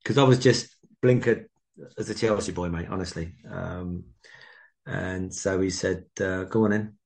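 A man's voice: low voice, fairly even intonation, measured pace, creaky, darkish tone. A man in his sixties, a former footballer, telling rambling anecdotes as a guest in a casual interview. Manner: rambling anecdotal storytelling, many restarts.

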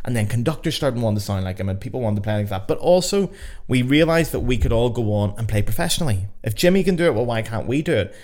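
A man with a Northern Irish accent hosting a casual solo podcast, chatty and excitable, swearing freely as he talks. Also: medium pitch, quick pace. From Northern Ireland. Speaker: podcast host. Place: home.

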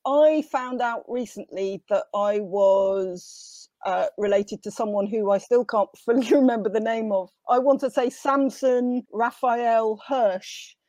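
A woman's voice: a little high, a little slow, hardly any pauses, a little mellow, no echo. A woman with a slight London accent, a guest telling self-deprecating family stories in casual chat. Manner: anecdotal, self-deprecating, quotes relatives in put-on voices.

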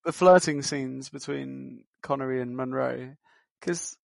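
A man with a gravelly, creaky voice chats about a film, reading out anecdotes and letting his sentences trail off. The sound is dry and close. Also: mid-range voice, measured pace, no echo. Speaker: podcast guest. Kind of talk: casual film podcast chat.

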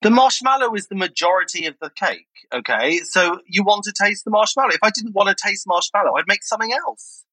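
Male podcast co-host, opinionated and emphatic, rapid delivery, sharp, fairly high voice, dry close mic. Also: expressive, no room sound, rough recording. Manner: opinionated, emphatic, talks in quick bursts. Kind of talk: casual chat.

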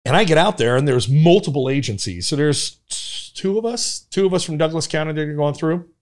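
A middle-aged man from Nebraska tells stories as a guest in a podcast interview. He is an animated storyteller, and his voice sits a bit high for a man. He swears casually as he recounts old skits. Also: brisk. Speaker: guest, former police officer.

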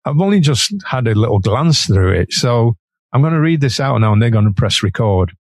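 Gravelly Manchester man telling stories. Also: medium pitch, lively intonation, a little fast, a little mellow, dry recording. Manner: chatty, laughs between sentences. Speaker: musician guest. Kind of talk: anecdotal storytelling.

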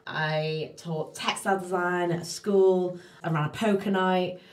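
A woman in her thirties whose softened Scouse accent still comes through as she tells her story as an interview guest. Her voice sits a little low, and she animates the tale by acting out what people said. The recording has a roomy echo. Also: measured pace. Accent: softened Liverpool (Scouse). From Wirral, near Liverpool, England. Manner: animated, acts out quoted speech in the story. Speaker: guest, PR business owner.

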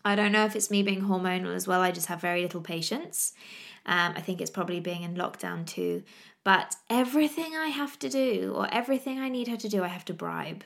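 A woman's voice: mid-range voice, fairly quick, gravelly, a bit bright. A woman, hosting a podcast and chatting in a laughing, exasperated storytelling way. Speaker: podcast host. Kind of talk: casual chat.

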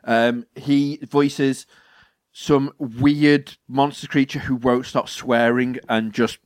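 A man in casual podcast chat about games, excitable and swearing freely, with frequent restarts. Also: medium pitch, slow pace, no room sound.

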